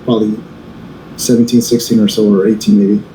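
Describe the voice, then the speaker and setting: This co-host has a fairly low, warm voice and a flat delivery as he chats on a podcast. His speech is halting and full of fillers and restarts, in an echoey room with faint noise.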